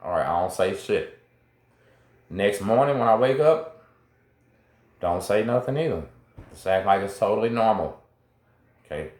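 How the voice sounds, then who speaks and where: A man's voice: fairly low pitch, lively intonation, unhurried, long pauses, a little mellow, echoey room. A middle-aged man, hosting and telling his own story in a casual, slangy way, talking straight to viewers. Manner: laid-back, slangy, talks straight to viewers. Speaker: host. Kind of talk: casual first-person storytelling.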